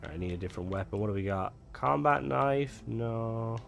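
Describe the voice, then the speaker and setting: A man's voice: on the low side, moderate pace, creaky, soft background music. A young man chatting casually while he streams a game, rambling with lots of fillers. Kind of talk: casual gameplay chat.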